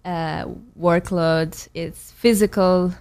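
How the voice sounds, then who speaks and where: A woman from Italy with an Italian accent, a ballet dancer being interviewed, laughing often and speaking modestly and haltingly. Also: on the low side, fairly even intonation, a little mellow. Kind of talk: casual interview chat.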